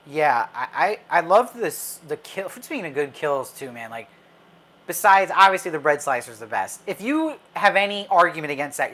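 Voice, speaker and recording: A man's voice: on the high side, sharp tone. A man hosting a live stream as a film commentator, talking casually with viewers and answering their comments in a chatty, opinionated way with frequent fillers and restarts.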